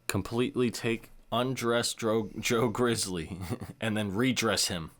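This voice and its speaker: A man's voice: on the low side, fairly even intonation, slow pace, fairly bright tone. A man co-hosting a podcast, blunt and laid-back in casual, profane chat. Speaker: podcast co-host.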